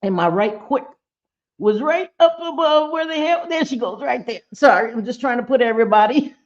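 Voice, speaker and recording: A woman's voice: on the high side, animated, normal speed, highs cut off. A woman hosting a casual livestream chat, blunt and talkative, swearing freely and greeting viewers by name. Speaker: livestream host.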